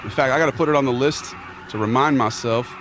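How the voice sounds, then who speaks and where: A man's voice: medium pitch, quick pace, slight background noise. Rambling young man streaming by the street. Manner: rambling, slangy, reads chat aloud. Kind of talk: casual live-stream chat.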